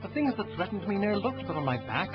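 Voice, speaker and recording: A man's voice: high-pitched, big pitch swings, fast talker. A man playing a proud, defiant Roman ruler in a Shakespeare audio drama, declaiming grand verse. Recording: dull lo-fi audio under music.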